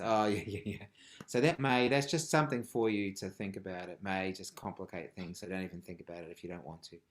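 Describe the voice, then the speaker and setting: Playful low-voiced man teaching rhythm online. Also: slight background noise. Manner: playful, jokey, with frequent ums and laughs. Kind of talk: live online group lesson. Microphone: video call.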